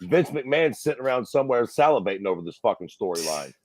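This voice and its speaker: A man's voice: medium pitch, big pitch swings, fast, darkish tone, no echo. A man co-hosting a casual podcast, talking bluntly with a lot of swearing and crude jokes. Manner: blunt, profane and crudely joking. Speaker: podcast co-host.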